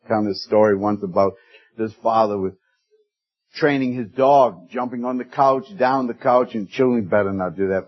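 A man preaching a sermon, telling stories in a folksy way, pushing up for emphasis and dropping soft for quoted words. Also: lowish voice, lo-fi sound. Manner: folksy storytelling with rising emphasis and hushed quoted lines.

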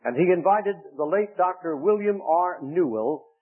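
Older man, evangelical radio preacher, slightly high-pitched, slow emphatic delivery, thin telephone-like audio. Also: expressive, breathy edge. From Lancaster, Pennsylvania. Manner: slow, emphatic preaching that stretches key words. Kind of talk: sermon on a radio broadcast. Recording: tinny phone-like radio recording.

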